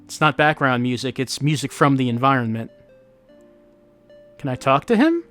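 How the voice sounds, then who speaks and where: A man's voice: mid-range voice, big pitch swings, moderate pace, fairly bright tone. A man giving casual gameplay commentary as host, wry and musing, thinking aloud as he plays. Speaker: let's-play host. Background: faint game music.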